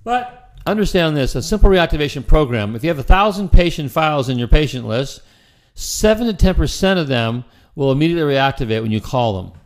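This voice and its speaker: A man's voice: fairly high pitch, expressive, fairly quick. A middle-aged man coaching chiropractors in a casual, conversational style that often repeats words and restarts sentences. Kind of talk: casual instructional talk.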